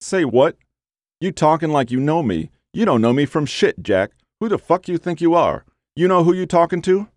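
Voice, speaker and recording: A man's voice: lowish voice, lively intonation, normal speed, a little mellow, no echo, clean studio sound, lightly acted. A man voicing a brash, profane young male car thief who talks with street swagger in an audiobook. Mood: belligerent. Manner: swaggering, cursing street talk.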